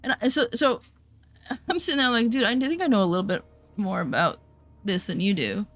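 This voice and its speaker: A woman's voice: fairly high pitch, expressive, normal speed, fairly bright tone, no echo. A young adult woman streaming and telling a story in casual chat, sarcastic and profane, over faint music. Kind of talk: casual chat while gaming.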